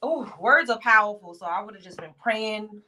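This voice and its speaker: A woman's voice: medium pitch, lively intonation, normal speed, pushed and bright. A woman co-hosting a casual gossip show, blunt and mocking, often breaking into laughter as she roasts people. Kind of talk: casual chat.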